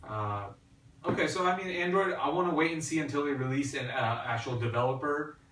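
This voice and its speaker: A man's voice: a little high, a little fast, a bit bright. A man hosting a podcast, chatting casually about tech and hesitating often with fillers and restarts. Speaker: podcast host. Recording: echoey room, distant mic, faint hiss.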